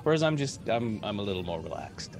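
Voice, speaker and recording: A relaxed man talks easily on a panel, his pitch roaming freely as he jokes. Music plays clearly in the background. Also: a little fast. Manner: laid-back, joking, wide-ranging pitch. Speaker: voice actor on a panel. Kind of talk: casual panel chat.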